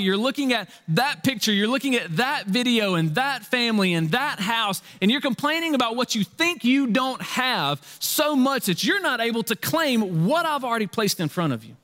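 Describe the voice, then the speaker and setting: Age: adult. Role: pastor. Style: sermon. Pitch: somewhat high. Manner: animated, conversational. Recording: long hall reverb. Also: male voice, moderate pace. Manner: conversational, animated, playful slang asides.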